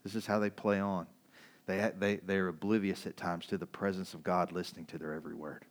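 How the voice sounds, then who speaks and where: At a brisk pace, a male pastor talks through his sermon as if chatting with friends. He laughs frequently, shifting from loud, energetic bursts into soft, low moments.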